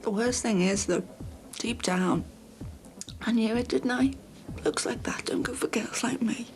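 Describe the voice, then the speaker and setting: A gravelly, tearful woman. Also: a little high, a little slow, faint music behind. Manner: tearful, confiding. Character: heartbroken barmaid left by a thieving partner. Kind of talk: TV soap acting.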